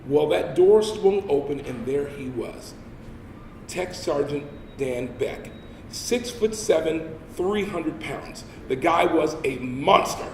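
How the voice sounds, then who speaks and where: A man's voice: a little high, expressive, measured pace, darkish tone, recorded from a distance, a little hiss or hum. A man giving a humorous storytelling sermon as a guest speaker. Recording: echoey hall with faint ambience.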